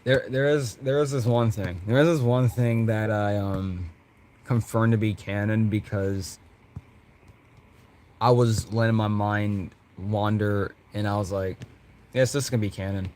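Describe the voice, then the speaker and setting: A man rambling excitedly about his characters, giggling and restarting his sentences often. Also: on the low side, measured pace. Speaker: content creator.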